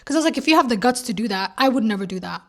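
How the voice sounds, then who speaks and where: A woman's voice: a little high, expressive, rapid-fire, a bit bright. A young woman vlogger telling a casual story, acting out the quoted lines and swearing freely.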